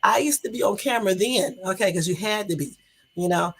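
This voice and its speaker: A woman's voice: mid-range voice, fairly quick. A middle-aged woman hosting a casual livestream chat, rambling and chatty with plenty of swearing, answering viewers' comments as she goes. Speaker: livestream host.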